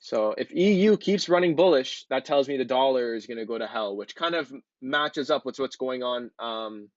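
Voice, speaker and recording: A man talks viewers through trading charts in a relaxed, rambling way, dropping ums and filler words as he goes. His voice sits at an ordinary middle pitch. The recording is muffled and lo-fi, with a close, dry sound and no room echo. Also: normal speed. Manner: loose, chatty, many ums and honestlys. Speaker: trading educator. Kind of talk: casual screen-share chart walkthrough.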